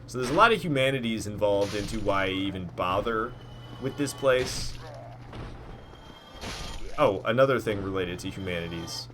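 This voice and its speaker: A man's voice: lowish voice, expressive, normal speed, long pauses, fairly bright tone, slight background noise. A man giving rambling live commentary as he plays a game, talking to himself and cursing at his own mistakes. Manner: rambling, self-critical, swears when frustrated. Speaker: gameplay streamer.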